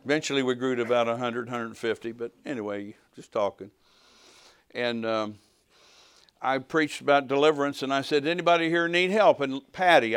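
An older man preaching and telling stories from his ministry, his voice smooth and resonant. He acts out each exchange as he goes and climbs to a shout at the big moments. The sound is close and dry. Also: medium pitch, no room sound. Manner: animated storytelling, acts out dialogue, swells to shouting at climaxes. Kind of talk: sermon with personal testimony.

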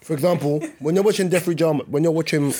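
A man's voice: on the high side, mellow, a little hiss or hum. A man in casual podcast banter, joking around and peppering his talk with "bro". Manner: joking, fast, says bro a lot.

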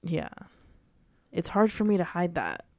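A woman's voice: on the low side, huge pitch swings, dry recording, studio quality. A young woman talking openly and emotionally with her boyfriend in a casual conversation. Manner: emotional, earnest, quick bursts of emphasis. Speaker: girlfriend in couple conversation. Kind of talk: casual couple chat.

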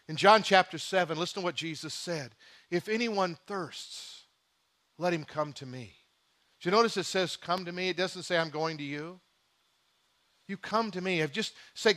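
Middle-aged male pastor, high and bright, animated sermon delivery. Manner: animated preacher, shifts between quiet intimate asides and emphatic bursts.

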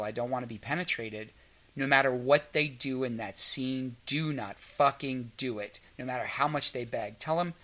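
Man, casual storyteller, bright tone, plays out each quoted line. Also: mid-range voice. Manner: storytelling, acts out quoted dialogue. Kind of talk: frank casual chat.

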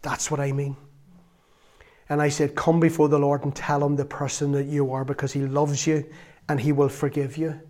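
A man giving an earnest, storytelling sermon that rises into loud exclamations. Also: on the high side, flat delivery, normal speed. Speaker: lay preacher.

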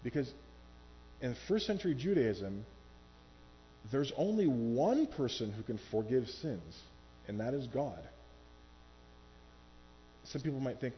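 A man delivers a sermon from a church stage in a mid-pitched voice. He is lively and acts out the people in his story. The recording is dull and lo-fi, with faint music underneath. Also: slow, long pauses. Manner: animated, acts out quoted voices. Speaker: pastor.

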